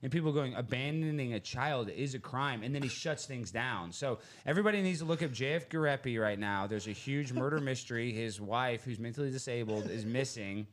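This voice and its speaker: Excitable man telling a wild story. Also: mid-range voice, a little fast, few pauses. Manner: excitable, loud bursts, rambling retelling. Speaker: guest. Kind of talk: excited podcast chat.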